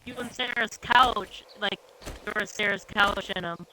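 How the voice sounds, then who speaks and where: Casual female co-host, bright tone, halting storyteller, faint noise behind. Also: medium pitch, rough recording. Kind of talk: casual ghost story chat.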